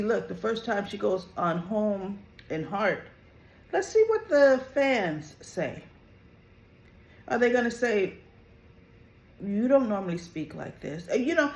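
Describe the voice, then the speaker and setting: Recap host, casual review, opinionated, unhurried delivery, echoey room. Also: medium pitch. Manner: animated, opinionated, quotes characters in lively voices; frequent "you know" and "right?" asides. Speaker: soap opera recap host.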